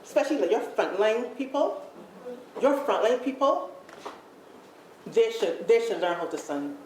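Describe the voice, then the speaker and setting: Woman, Barbadian accent, workshop leader, animated, repeats herself, echoey room, faint noise. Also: on the high side, unhurried. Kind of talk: lively live workshop talk to a group. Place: large room with an audience.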